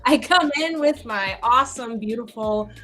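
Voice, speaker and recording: An upbeat woman describes her game character to the table. Soft music sits faintly behind her voice. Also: a little high, moderate pace. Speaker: player.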